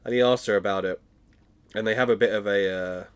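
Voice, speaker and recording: A man's voice: on the low side, steady tone, a little fast, clear, resonant tone. A British man in his twenties, co-hosting a podcast and chattily recapping a TV episode, laughing often as he tells stories. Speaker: podcast co-host. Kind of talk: casual chat recapping a TV episode.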